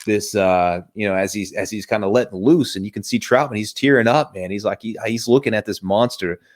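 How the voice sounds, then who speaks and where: Rambling, enthusiastic low-voiced man. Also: fairly quick. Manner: enthusiastic and rambling, with many restarts. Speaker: movie review host. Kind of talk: casual chat.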